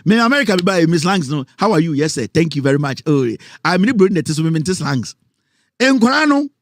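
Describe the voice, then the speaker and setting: A man's voice: fairly high pitch, animated, fast talker, no room sound. A man with a Ghanaian accent hosting a radio talk show, chatting casually and telling stories, close to the mic. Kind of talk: casual radio talk mixing Twi and English.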